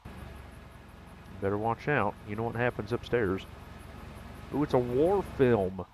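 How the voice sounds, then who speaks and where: A man's voice: medium pitch, takes it slowly, a little mellow, slight background noise. An American man chatting casually and jokingly with viewers during a gaming live stream. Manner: rambling, jokey, talks to chat.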